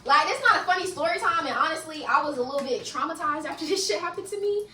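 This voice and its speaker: In a reverberant room, a young vlogger talks quickly in a high voice, cursing often and breaking into laughter while telling an animated story-time tale. The mic picks her up from a distance.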